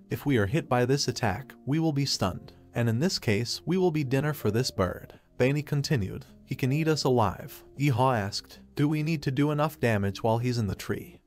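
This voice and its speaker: A man narrating an anime story recap, reading every character's lines in the same even voice. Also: medium pitch. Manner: reads all characters' lines in one even voice. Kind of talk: scripted narration.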